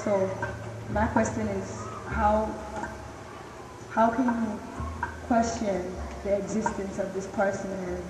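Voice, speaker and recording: A woman in the audience putting a question to the speaker, halting and careful as she thinks aloud. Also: mid-range voice, flat delivery, crowd noise. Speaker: audience member asking a question. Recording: distant, echoey room with noise.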